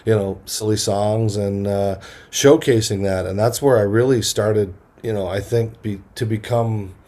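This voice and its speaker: A middle-aged man, a motivational speaker, telling lively stories from his life in an interview, acting out the voices of the people he quotes and often restarting sentences. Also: on the low side, measured pace. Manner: energetic storyteller who acts out quoted voices, restarts often. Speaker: podcast guest, motivational speaker. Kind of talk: animated storytelling interview.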